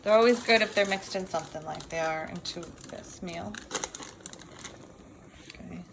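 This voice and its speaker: A woman's voice: on the low side, normal speed. A woman giving a casual cooking demo in a kitchen, chatting as she goes. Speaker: cooking teacher. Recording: noisy kitchen with clattering dishes. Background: pots and dishes clattering.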